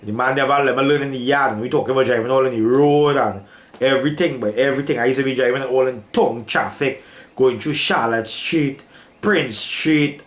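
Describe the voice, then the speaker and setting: A man's voice: medium pitch, a bit bright, echoey room. Older Trinidadian man, emotional storytelling. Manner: emotional, repetitive, calls listener "boy". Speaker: guest telling his life story. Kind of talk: casual storytelling.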